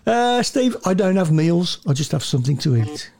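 A high-pitched, gravelly man, co-hosting a casual podcast. He jokes around and laughs a lot, and his voice has a husky grit. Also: darkish tone. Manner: jokey, laughs often. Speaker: co-host.

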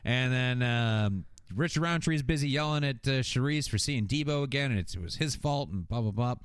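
Male co-host, animated recapper, pitch jumping around, dry close mic. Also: normal speed, clean tone, no room sound. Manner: animated storytelling, acting out characters' lines with swearing and laughter. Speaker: podcast co-host recapping a TV episode. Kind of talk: casual chat.

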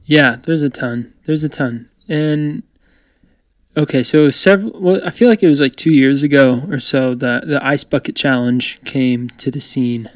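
A man's voice: medium pitch, normal speed, dry recording. A young man in casual chat as a co-host, upbeat and joking, with a theatrical streak.

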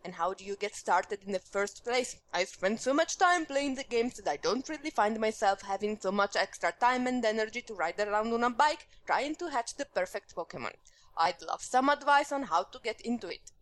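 A woman's voice: on the high side, expressive, normal speed, natural voice. A woman voicing a listener's email in a put-on Russian accent, clipped and dropping articles, reading it aloud on a podcast. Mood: mock-earnest. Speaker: podcast co-host.

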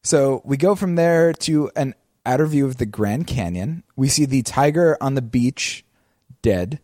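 A man's voice: medium pitch, expressive, unhurried, mellow, dry recording, clean studio sound. A man co-hosting a podcast, casually recapping a show scene by scene with wry jokes and laughter. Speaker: podcast co-host.

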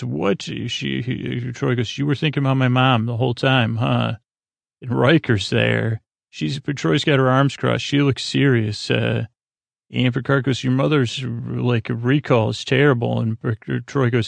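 A man with a heavily gravelly, fry-laden voice talks through a story recap in loose, rambling fashion. His pitch stays flat and unvaried, full of fillers and restarts. The sound is dry and close, with no room echo. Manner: rambling, filler-heavy, paraphrases characters in slang. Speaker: podcast host retelling an episode. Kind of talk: casual episode recap.

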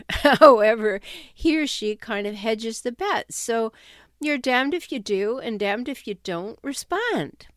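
A woman speaking as a self-help author, talking straight to her listeners with a wry, no-nonsense edge. Her voice is smooth and resonant, and the recording is close and dry with no room sound. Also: a little high, lively intonation, slow, dry recording. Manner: wry, direct, with uneasy laughs. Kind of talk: conversational talk to camera or listeners.

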